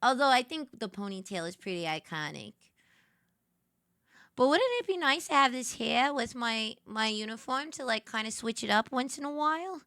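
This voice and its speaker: Woman streamer, bubbly and gushing, bright tone, dry close mic. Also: a little high, animated, normal speed, no echo. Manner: bubbly and gushing, sudden squeals and soft whispers. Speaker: VTuber streamer. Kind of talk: casual late-night stream chat.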